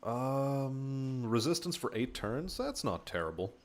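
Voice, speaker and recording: A laid-back man talks through a strategy game while streaming. His voice sits at an ordinary middle pitch. He mutters and swears casually as he plays. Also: sing-song, slow pace. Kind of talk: casual gameplay commentary.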